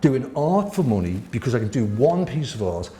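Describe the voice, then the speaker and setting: A man, a guest telling lively, laughing stories with the odd swear word in a casual interview. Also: mid-range voice, normal speed, a little hiss or hum. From Wirral, England. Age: 60s. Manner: animated, laughing, swearing raconteur. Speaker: guest artist. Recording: roomy echo.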